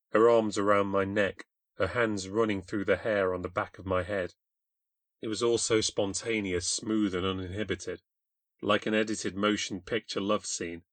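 British man, low voice, dry close sound, wry confessional story narration. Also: fairly bright tone, dry recording. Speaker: podcast host and narrator. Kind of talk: scripted first-person storytelling.

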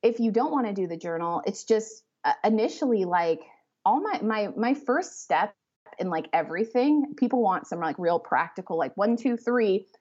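A woman's voice: medium pitch, moderate pace, breathy edge. Chatty woman author on muffled audio. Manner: rambling, filler-heavy, animated talk. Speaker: author and podcast guest. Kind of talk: conversational interview.

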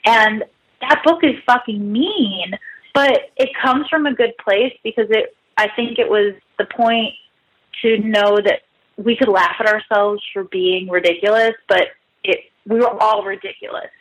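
A woman's voice: medium pitch, unhurried, breathy edge, low-quality recording. A woman guest writer in her thirties, chatting casually and self-mockingly, full of "like" and asides. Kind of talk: casual podcast interview.

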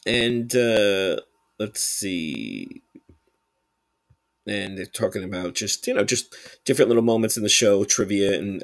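A man's voice: deep voice, gravelly, no room sound. A man casually reviewing an old sci-fi episode as a channel host, rambling with lots of fillers and restarts while enthusiastically recommending it.

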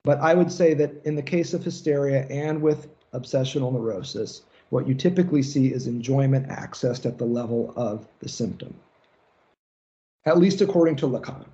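A man's voice: medium pitch, mellow, highs cut off. A man giving a casual seminar lecture, loose and profane, slipping into mocking rants to make a point. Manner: casual, swears freely, acts out mocking rants. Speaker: lecturer on psychoanalysis.

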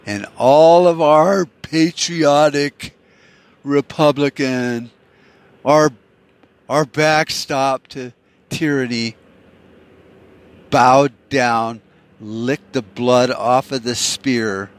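A male podcast host in full rant, swearing often and stumbling over repeated words as he pushes on. His voice sits at an ordinary middle pitch. He talks straight to his listeners in a heated solo monologue. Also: fairly even intonation, drawn-out words, long pauses, clear, resonant tone. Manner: ranting, profane, emphatic with repeated words. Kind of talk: angry political monologue.

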